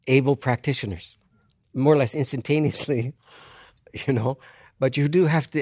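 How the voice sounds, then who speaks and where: A man answering an audience question with a reflective story. He talks deliberately with pauses, makes wry asides and laughs at his own jokes. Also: medium pitch, darkish tone, husky, no echo, clean studio sound.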